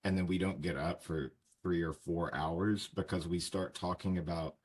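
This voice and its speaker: A man's voice: low-pitched, steady tone, normal speed. A man in his thirties from the United States, hosting a casual interview podcast and asking friendly questions. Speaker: podcast host.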